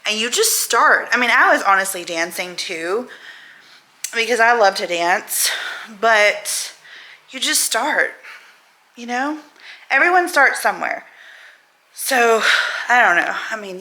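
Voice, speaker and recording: A woman's voice: medium pitch, bright, forceful tone. Chatty woman vlogger. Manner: chatty and upbeat, says "y'all" and "girl". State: out of breath while walking. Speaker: weight-loss vlogger. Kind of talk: casual chat to camera.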